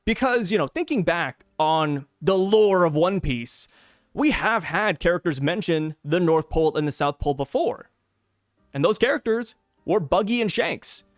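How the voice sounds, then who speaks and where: A man hosting his own manga review videos, talking casually with excitable, slangy asides. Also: sits high, normal speed, no echo, studio quality, faint music behind. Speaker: manga review channel host.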